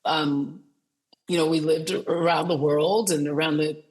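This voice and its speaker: A woman's voice: low voice, fairly even intonation, unhurried, a little mellow, breathy edge, rough recording. A woman, a film producer and director, guesting on an interview podcast, talking in a rambling casual way with many fillers and restarts. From United States, raised as military kid.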